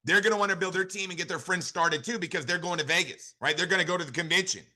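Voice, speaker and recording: Fast, bright-voiced motivational man. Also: sits high. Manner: energetic, repetitive, rhetorical questions. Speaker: network marketing director giving a training. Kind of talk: motivational training talk on a call.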